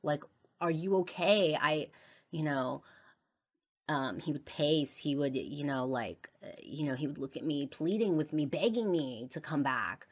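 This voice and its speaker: A woman with a low voice talks on her podcast about something she regrets. She speaks haltingly, with frequent fillers, and her voice often sinks to a quiet trail at the end of a thought. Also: expressive, slightly rough. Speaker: podcast host. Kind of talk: personal confessional monologue.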